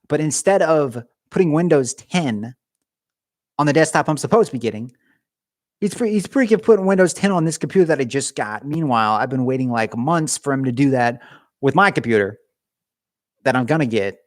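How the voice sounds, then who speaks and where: A male streamer talks loosely to his viewers, rambling from one joke to the next and poking fun at himself. He is cold and sits in a garage, and his mid-pitched voice sounds close and dry, with no room echo. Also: lively intonation, a little fast. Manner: rambling, jokey, self-mocking. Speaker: livestreamer. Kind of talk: casual livestream chat. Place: home garage.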